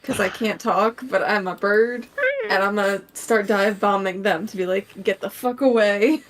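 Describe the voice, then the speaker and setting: A woman's voice: mid-range voice, fairly even intonation, normal speed, background noise. A woman playing in a tabletop game, casually describing her bird's actions and swearing. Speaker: player. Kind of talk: tabletop role-play.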